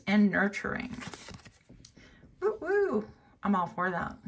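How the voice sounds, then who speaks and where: A woman giving a casual tarot reading, chatty and musing aloud with fillers and self-corrections, now and then jumping into a high voice to quote people. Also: fairly bright tone. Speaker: tarot reader.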